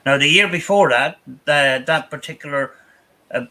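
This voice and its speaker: Podcast host, man, very bright and forceful voice, rambles through anecdotes with constant restarts. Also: a little high, normal speed, low-quality recording. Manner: rambling, many restarts and "I says". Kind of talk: casual storytelling chat.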